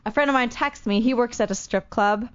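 Animated young woman telling a story. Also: a little high, brisk. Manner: animated storyteller, acts out quoted voices. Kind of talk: casual chat. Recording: dull lo-fi recording.

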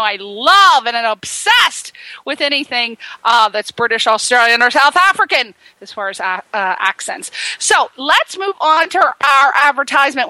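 A bubbly woman hosting a radio talk show, with a bright, forceful voice that sits a little high. She rattles through plugs and promos with jokey asides and excited restarts. The sound is close and dry, with no room around it. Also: no echo, rough recording. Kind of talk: lively radio talk show intro and ad read.

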